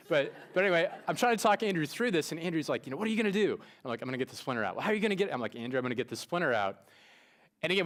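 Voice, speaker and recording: A man's voice: medium pitch, fairly bright tone. A pastor in his thirties preaching a sermon in a church, talking loosely and conversationally with frequent restarts and filler words. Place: church sanctuary.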